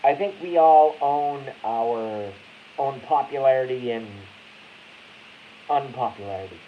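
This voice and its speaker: Male stream host, rambling and foul-mouthed, mid-pitched, dull lo-fi sound with faint hiss. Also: unhurried. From Boston. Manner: rambling, profane, self-interrupting. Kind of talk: casual ranting live stream.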